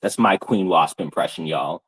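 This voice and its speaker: A man's voice: low voice, normal speed, a bit bright, low-quality recording. A man streamer on a live-stream rant, angry, profane and taunting.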